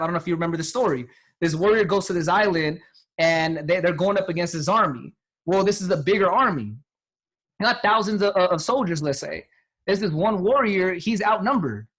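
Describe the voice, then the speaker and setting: High-voiced man telling a motivational story. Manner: energetic, repetitive, quotes people in acted voices. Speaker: guest speaker.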